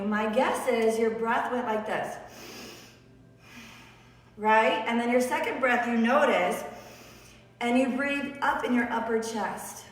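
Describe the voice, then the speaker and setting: A woman teaching a beginner yoga class on a live stream, encouraging and often checking in with her students. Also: on the high side. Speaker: yoga instructor. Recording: roomy echo, distant mic, faint room noise.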